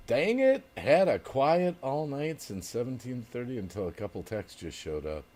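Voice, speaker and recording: A man's voice: mid-range voice, big pitch swings, normal speed, a little mellow. Chatty man hosting a livestream. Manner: chatty, laughs often, reads chat aloud. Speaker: livestream host. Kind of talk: casual chat reading viewer comments.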